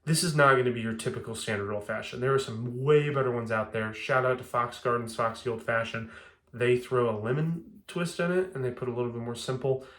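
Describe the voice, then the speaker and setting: Young male host, casual rambling delivery, mid-pitched and conversational. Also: fairly quick, fairly bright tone. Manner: chatty, rambling, frequent restarts. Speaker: bourbon video host. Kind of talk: casual home cocktail demo.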